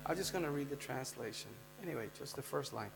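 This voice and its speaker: A man's voice: mid-range voice, lively intonation, quick pace, creaky. A man giving a devotional scripture class in a temple, talking conversationally and quizzing his listeners as he goes. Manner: conversational, quizzing the audience with "huh?" and "you know?". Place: temple hall. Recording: long hall reverb with faint mains hum.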